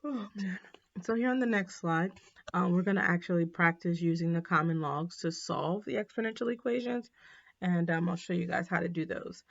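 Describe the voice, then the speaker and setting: A woman teaching a math lesson in a casual, chatty way, with frequent ums and quick apologies for her slips. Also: on the low side, creaky. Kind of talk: recorded classroom lesson. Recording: dull, slightly lo-fi.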